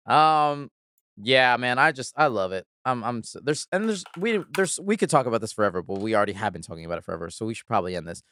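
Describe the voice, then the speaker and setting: A man's voice: mid-range voice, big pitch swings, brisk, bright, forceful tone. A man hosting a podcast in casual chat, enthusiastic and laughing often, with frequent swearing. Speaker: podcast host.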